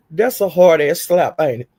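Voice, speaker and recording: A woman's voice: low voice, big pitch swings, slow pace, warm tone. A woman hosting her own livestream, telling stories in a profane, laughing, casual rant. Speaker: livestream host.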